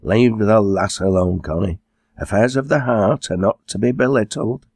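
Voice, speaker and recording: A man voicing a kindly, fussing middle-aged farmer's wife in an audiobook, in a somewhat raised, husky voice. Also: on the low side, normal speed, a little mellow, no echo, studio quality, pitched above the performer's own voice. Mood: motherly.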